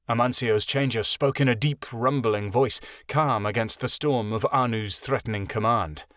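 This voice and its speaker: A man narrating a fantasy audiobook in an even storytelling manner. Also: lowish voice, normal speed, few pauses, no room sound, clean studio sound.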